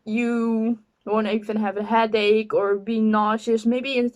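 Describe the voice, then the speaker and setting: A woman's voice: fairly high pitch, measured pace. Giggly young woman telling a story. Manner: giggly, animated, heavy use of "like". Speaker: vlogger. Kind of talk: casual storytime.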